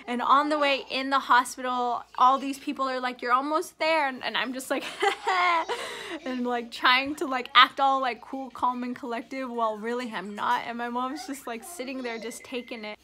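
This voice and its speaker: A woman's voice: sits high, little pitch movement, normal speed, pushed and bright. A young woman vlogger telling a personal story in a chatty, giggly way, full of "like". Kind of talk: casual storytelling.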